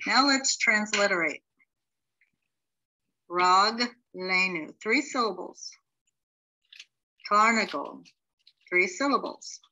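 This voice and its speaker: Slow, bright-voiced woman teaching syllables. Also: medium pitch, low-quality recording. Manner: sounds out words syllable by syllable. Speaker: Hebrew teacher. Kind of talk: slow classroom instruction.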